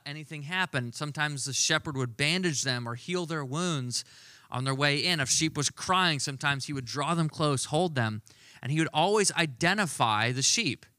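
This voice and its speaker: Pria berkhotbah santai, suara cerah dan kering. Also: male voice, a little high, sharp tone, no echo, studio quality. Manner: conversational, emphatic preaching with slowed stressed words. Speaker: pastor. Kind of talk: sermon.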